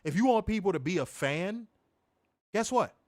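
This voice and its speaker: A man's voice: sits high, animated, moderate pace, darkish tone, dry recording, studio quality. A man co-hosting a wrestling podcast, ranting with profanity and piling up rhetorical questions. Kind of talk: heated ranting commentary.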